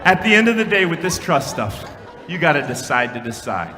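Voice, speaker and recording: Minnesota guy doing a keynote story, high piercing voice, big echoey conference hall. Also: sing-song, a little fast. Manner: dramatic storyteller, swings from loud shouted punchlines to soft hushed lines. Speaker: keynote speaker. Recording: long hall reverb, faint room noise.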